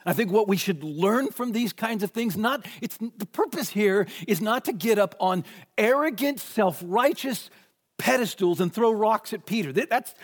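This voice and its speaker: A man preaching an expository sermon, emphatic, swinging between raised and hushed delivery, in a church sanctuary. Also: high voice, expressive, normal speed. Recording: long reverb of a large hall.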